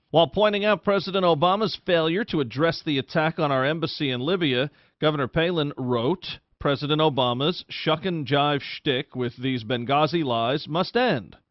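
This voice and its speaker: A man's voice: a little high, no room sound. A man hosting a radio show, chatting with a guest and telling stories with frequent laughs. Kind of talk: conversational interview then scripted commentary. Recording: dry, slightly dull recording.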